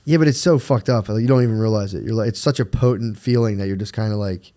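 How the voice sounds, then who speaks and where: A man's voice: fairly low pitch, fast talker, mellow. A man in his thirties co-hosting a podcast, chatting in a laid-back way, swearing often, laughing and reading out listener questions. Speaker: podcast co-host. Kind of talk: casual chat.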